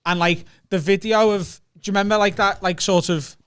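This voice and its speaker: A Scouse man, a comedian, telling animated, sweary stories in casual chat on a podcast. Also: high voice, fairly quick, clean tone. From Liverpool, England.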